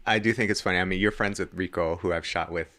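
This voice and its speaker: A man hosting an interview in a relaxed, conversational way, asking questions in English and Japanese. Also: deep voice, quick pace, background noise. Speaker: host. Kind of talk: casual interview chat.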